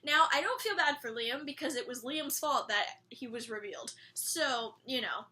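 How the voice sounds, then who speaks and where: Young female vlogger with a high, bright voice; animated, chatty episode recap. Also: normal speed. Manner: animated and chatty, laughs often, frequent "like". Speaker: TV episode reviewer. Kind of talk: casual episode review vlog.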